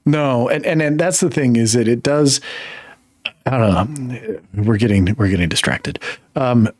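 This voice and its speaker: A man's voice: mid-range voice, measured pace, a little mellow, dry recording. Exasperated male podcast host, dry sound. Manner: emphatic, exasperated, laughing often. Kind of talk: casual film review chat.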